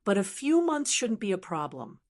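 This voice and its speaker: A woman's voice: medium pitch, sing-song, moderate pace, a little mellow, natural voice. A woman voicing a confident, brash young man who leads his group, read plainly in an audiobook. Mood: calm. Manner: brash, commanding. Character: confident young male cultivator, group leader. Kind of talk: audiobook character reading.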